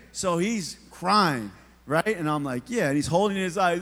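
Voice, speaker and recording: In a church sanctuary with long hall reverb, a middle-aged pastor preaches a sermon at normal speed, his voice a little high and a bit bright. He tells a humorous story and addresses the congregation directly.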